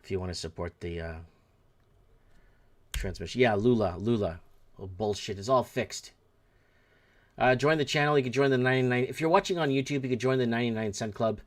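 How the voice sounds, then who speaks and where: A man's voice: mid-range voice, fairly quick, long pauses. A middle-aged man hosting a livestream show, talking casually in a rambling, blunt way and swearing freely.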